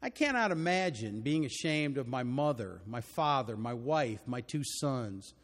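Older Texan preacher in a reverberant hall. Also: male voice, mid-range voice, very animated, unhurried. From Texas. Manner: earnest, emphatic, building to loud declarations. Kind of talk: sermon. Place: church auditorium.

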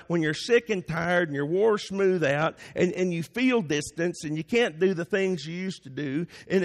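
A man's voice: high voice, vocal fry. A man preaching a sermon as pastor, building to emphatic peaks. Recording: long hall reverb.

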